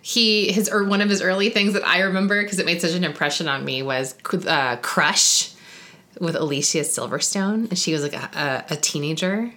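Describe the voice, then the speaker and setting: A woman's voice: lowish voice, moderate pace, pushed and bright. A woman co-hosting a podcast in casual chat, chatty and giggly with many fillers. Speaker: podcast co-host.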